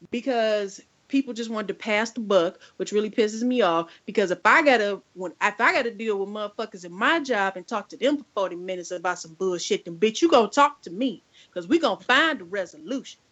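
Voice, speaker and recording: A woman's voice: medium pitch, animated, moderate pace, fairly bright tone, highs cut off. Exasperated woman telling a profane rant. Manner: profane, exasperated, acts out both sides of phone calls. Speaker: podcast co-host. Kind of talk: casual storytelling rant.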